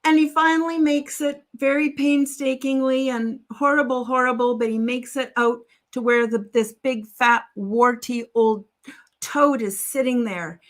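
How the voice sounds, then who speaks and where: A woman's voice: sits high, steady tone, a little slow. A woman telling a long story on a live stream, meandering, breaking off and adding wry asides to her listeners. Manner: meandering, self-interrupting, with wry asides to the audience. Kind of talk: rambling spoken storytelling.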